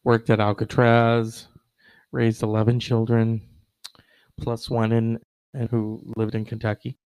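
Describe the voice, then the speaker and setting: A man's voice: medium pitch, monotone, unhurried, a little mellow, clean tone, no room sound, rough recording. A man hosting a casual online show, rambling with many fillers and wry asides.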